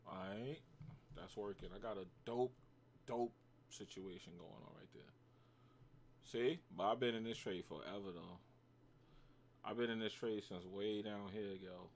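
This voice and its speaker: A livestream host with a New York accent talks loosely with his chat in a slangy, joking way. His voice sits on the low side. A faint background hum runs under his speech. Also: measured pace, long pauses. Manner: slangy, banters with chat, reacts to trades.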